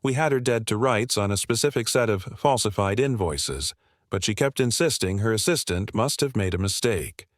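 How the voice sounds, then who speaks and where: Male narrator, lowish voice, measured and assured scripted delivery, dry close sound. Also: animated, dry recording. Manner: measured, confident storytelling with rhetorical questions.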